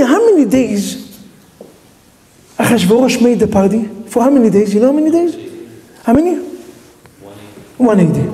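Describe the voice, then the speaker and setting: A man's voice: very high-pitched, dark tone. A man, a rabbi, teaching a Torah lesson in non-native English with Hebrew terms, telling the story with animation and quizzing his listeners. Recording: reverberant hall.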